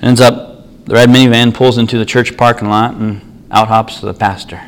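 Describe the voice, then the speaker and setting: A man's voice: medium pitch, level tone, moderate pace, a little hiss or hum, poor audio. A man preaching a sermon, telling an everyday story in an earnest, conversational way.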